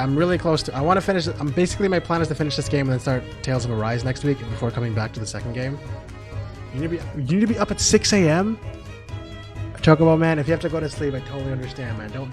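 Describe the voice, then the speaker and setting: A man chats casually with his viewers while playing, swearing freely. His voice sounds strained and tired, at a middling pitch, with game music clearly behind it. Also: expressive, fast talker. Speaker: streamer. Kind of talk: casual live-stream chat.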